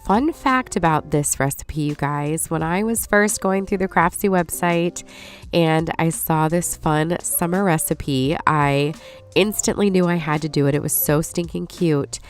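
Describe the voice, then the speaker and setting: Soft music plays behind a woman in her forties narrating a recipe as a lifestyle host, her voice nasal and congested from allergies. Her voice sits low and runs a little slow, and she's chatty, apologetic, and warm in her asides to viewers.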